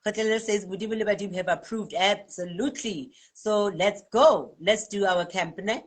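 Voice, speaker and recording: A South African woman hosting a live spiritual card-reading stream, reading out viewers' comments in a lively, chatty way and laughing often. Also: mid-range voice, moderate pace. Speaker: spiritual healer and card reader.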